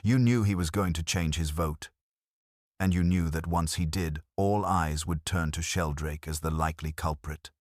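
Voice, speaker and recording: A man's voice: low-pitched, moderate pace, no room sound, clean studio sound, close to an everyday voice. A man voicing an elderly woman sleuth who speaks in a light, pleasant, conversational way. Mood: pleasant, probing. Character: elderly woman sleuth, gentle, shrewd, unruffled.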